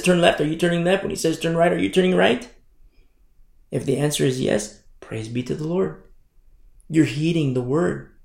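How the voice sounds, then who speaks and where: Gravelly-voiced male pastor preaching in an echoey room. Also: a little high, a little mellow. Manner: emphatic preaching, repeats rhetorical questions. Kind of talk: sermon. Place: church hall.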